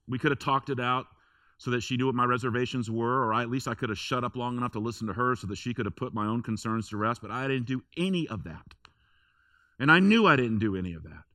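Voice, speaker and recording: A man's voice: mid-range voice, pushed and bright, dry recording, clean studio sound. A man preaching a sermon in a church, telling a personal story in a conversational way with emphatic repetition. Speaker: pastor.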